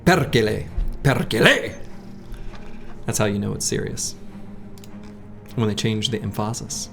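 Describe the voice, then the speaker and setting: A man's voice: fairly low pitch, little pitch movement, moderate pace, gravelly, a little mellow, soft background music. A man casually commenting on his game as he plays, thinking aloud and chatting with his viewers. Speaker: game streamer.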